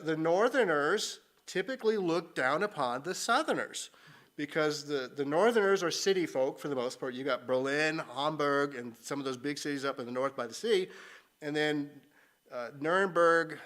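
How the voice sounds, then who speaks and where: A middle-aged man talks to a church congregation in a loose, joking way, laughing at himself as he drifts off topic. His voice is bright and sits a little high. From northern United States. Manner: joking, rambling, self-deprecating. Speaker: missionary speaker. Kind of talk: conversational church talk.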